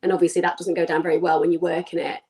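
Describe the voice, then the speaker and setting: A woman's voice: fairly low pitch, little pitch movement, racing, warm tone, rough recording. A woman psychologist speaking as an interview guest, fluent and emphatic. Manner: fluent, articulate, emphatic with repetition. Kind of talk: conversational interview.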